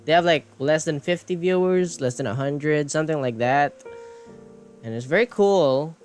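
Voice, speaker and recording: A man's voice: a little high, moderate pace. A man streaming, chatting casually while he draws, rambling and mocking himself, swearing and laughing often. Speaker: streamer and animator. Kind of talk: casual chat while drawing. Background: soft background music.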